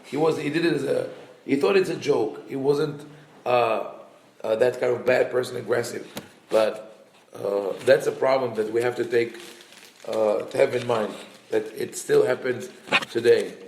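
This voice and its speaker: A man with a gravelly, rough edge to his mid-pitched voice, teaching as a rabbi. He retells an old story, thinking aloud with restarts and acting out each quote in a livelier voice. His voice rings in a roomy, echoey space. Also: steady tone, measured pace, darkish tone, slight background noise. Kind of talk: talmudic story lesson.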